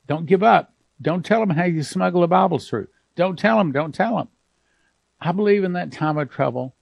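A man preaching as a pastor on a televangelist program, fervent and emphatic, at times dropping to quiet, emotional words. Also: mid-range voice, no room sound.

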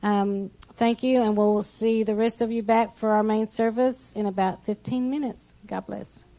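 A woman's voice: medium pitch, fairly even intonation, normal speed, low-quality recording. A woman from a church mission team chatting about trip photos in front of the congregation, with plenty of fillers. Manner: chatty, warm-hearted, with fillers. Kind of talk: casual talk presenting trip photos.

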